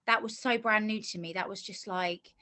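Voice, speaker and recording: A woman's voice: mid-range voice, fairly even intonation, moderate pace, sharp tone. A middle-aged woman being interviewed about a course she finished, talking earnestly and at length, often restarting her sentences. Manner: earnest, talkative storytelling with many restarts. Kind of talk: casual interview.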